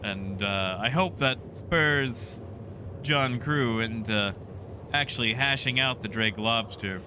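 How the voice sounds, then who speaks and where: A man's voice: mid-range voice, slow. A man streaming a game, chatting casually and answering viewers by name. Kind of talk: casual live-stream chat. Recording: noisy background.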